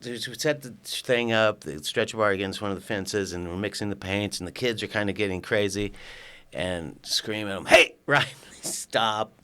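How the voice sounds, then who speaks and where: Older man, from California, low voice, casual storyteller, acts out dialogue, swears. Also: moderate pace, pushed and bright, clean tone. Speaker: podcast guest.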